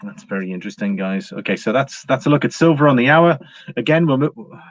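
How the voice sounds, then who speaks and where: A man's voice: medium pitch, expressive, a little fast, no echo. Chatty English man hosting a livestream. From England. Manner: chatty, greets viewers by name, frequent fillers and laughs. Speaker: livestream host. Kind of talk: casual live-chat market commentary. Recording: dry, slightly dull home recording.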